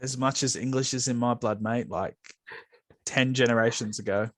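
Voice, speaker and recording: An Australian man in a relaxed football talk with his co-host, easygoing and a little halting. The room is dry and close. His pitch sits in an ordinary middle range. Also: no room sound. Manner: relaxed, hesitant with fillers. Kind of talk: casual football chat.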